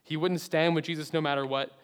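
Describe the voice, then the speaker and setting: A man preaching a sermon earnestly, swinging between loud emphatic phrases and hushed low endings. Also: fairly even intonation, fast. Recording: long hall reverb.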